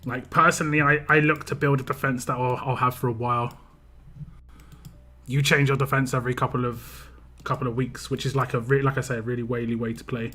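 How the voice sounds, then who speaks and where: A man's voice: medium pitch, flat delivery, a little fast, bright, forceful tone. A man with a British accent, chatting casually on a live stream, rambling and often repeating his words. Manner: rambling, repeats words, reads chat aloud.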